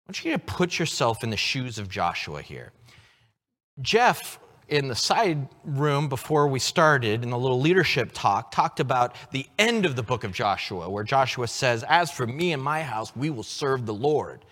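A man's voice: medium pitch, big pitch swings, fairly bright tone. Man preaching in a reverberant hall. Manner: earnest, teaching, slow emphatic scripture reading. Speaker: pastor. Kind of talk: sermon.

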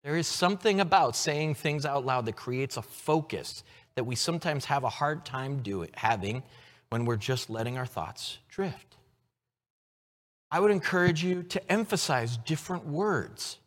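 Male pastor, sermon delivery, animated pitch, long hall reverb. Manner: earnest, teaching, slow emphatic scripture reading.

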